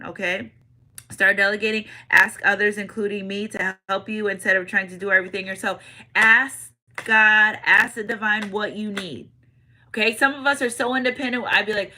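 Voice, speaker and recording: A woman giving a casual spiritual tarot reading, animated and repeating catchphrases, swinging between loud and hushed. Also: medium pitch, normal speed, low-quality recording. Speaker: tarot reader.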